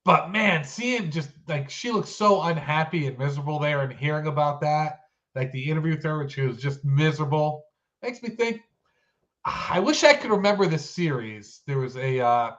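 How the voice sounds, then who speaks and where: A man's voice: fairly high pitch, a bit bright. A man co-hosting a casual chat show, sounding stuffy-nosed and nasal, rambling and self-deprecating. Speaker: podcast co-host. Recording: dull lo-fi sound.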